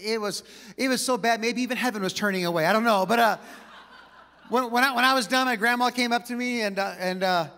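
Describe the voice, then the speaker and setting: A man preaching a sermon to a church, telling personal stories with quick asides and light laughter. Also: high voice, sharp tone. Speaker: pastor. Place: church auditorium with long reverb. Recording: reverberant church hall.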